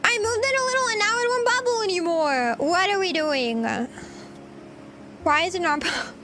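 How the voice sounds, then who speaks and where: Over heavy background noise, a woman with an extremely high-pitched voice speaks at normal speed during a cooking livestream. Giggling and flustered, she keeps up casual chat with her audience as she cooks.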